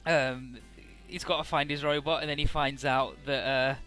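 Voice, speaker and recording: A man's voice: mid-range voice, fairly even intonation, normal speed, pushed and bright, faint music behind. A young man giving casual, rambling and profane commentary over a video game playthrough. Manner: rambling, profane, jokey retelling. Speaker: Let's Play commentator.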